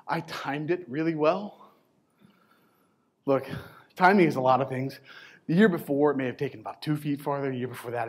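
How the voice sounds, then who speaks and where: Emphatic man in his forties, storytelling. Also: on the high side. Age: 40s. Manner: emphatic, conversational, with short pauses. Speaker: keynote speaker at a coaching event. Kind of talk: storytelling motivational talk. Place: conference stage before a live audience.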